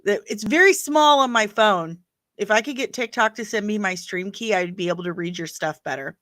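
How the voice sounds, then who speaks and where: A woman's voice: medium pitch, brisk, a bit bright. A woman hosting a casual livestream, chatty and opinionated as she reacts to viewer comments. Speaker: livestream host reading chat.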